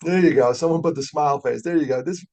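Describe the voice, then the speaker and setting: Older male keynote speaker, gravelly voice, animated storyteller. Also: fairly high pitch, fast talker. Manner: animated, gets fired up. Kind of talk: storytelling talk. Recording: webinar audio.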